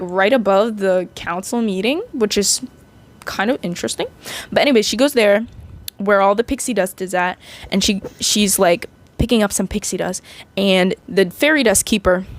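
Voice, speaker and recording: A woman in her twenties recapping a movie in a rambling, chatty way, full of fillers. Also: medium pitch. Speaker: vlogger.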